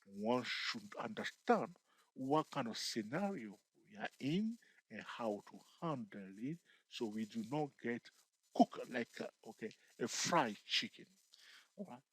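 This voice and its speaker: A man's voice: medium pitch, sing-song, unhurried, slightly rough, low-quality recording. A man teaching trading over a screen-share chart tutorial, often repeating checks like "you see" and "okay". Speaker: trading educator.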